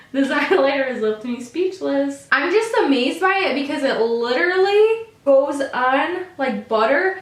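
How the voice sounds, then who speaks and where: Gushing, high-voiced woman in an echoey room. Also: fairly bright tone. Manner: gushing, effusive, full of exclamations. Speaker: makeup vlogger. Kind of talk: casual makeup tutorial talk.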